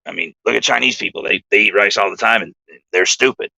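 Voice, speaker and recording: A man's voice: on the low side, quick pace, gravelly, bright, forceful tone, dry recording, heavily acted, poor audio. A man imitating an old army buddy, a dim-witted young soldier with an odd, fake-sounding voice who states wrong things with total confidence. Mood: smugly certain. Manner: confidently wrong, matter-of-fact.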